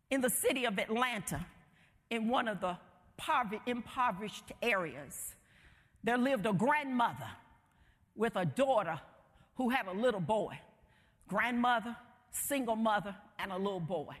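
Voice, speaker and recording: A woman's voice: on the high side, lively intonation, a little slow, long pauses. A woman preacher delivering a sermon in an emphatic, rhythmic way, heard in a hall with long reverb.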